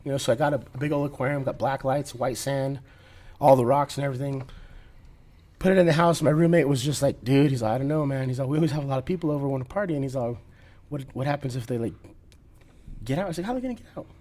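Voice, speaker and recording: A man's voice: mid-range voice, fairly even intonation, fast talker, a little mellow. A middle-aged man telling a long rambling story as a podcast guest, laughing and restarting often. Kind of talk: casual storytelling.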